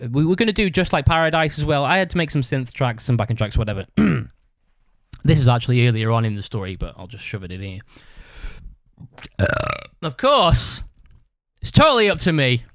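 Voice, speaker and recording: Casual male podcaster, sweary rambling storyteller, mid pitch, dry sound. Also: very animated, fairly quick, long pauses, no room sound. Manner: acts out other people's shouted lines. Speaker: podcast host.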